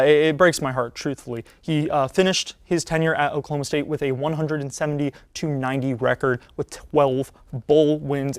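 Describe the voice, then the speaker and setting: A man's voice: a little high, no room sound, studio quality. Young man hosting a casual sports rundown. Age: 20s. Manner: casual, animated, with frequent fillers and restarts. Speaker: podcast host; college student. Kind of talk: solo sports talk rundown.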